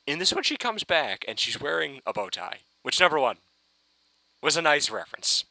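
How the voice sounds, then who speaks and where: A man ranting excitedly in a casual fan review, rambling and swearing with many restarts. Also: fairly high pitch, normal speed, creaky, no room sound, low-quality recording.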